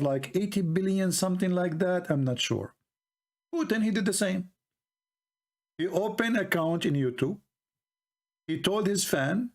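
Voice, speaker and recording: A man's voice: on the high side, darkish tone. A man from the Middle East with an Arabic accent, talking in a mocking, ironic monologue full of rambling asides. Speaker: online commentator. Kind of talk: sarcastic monologue.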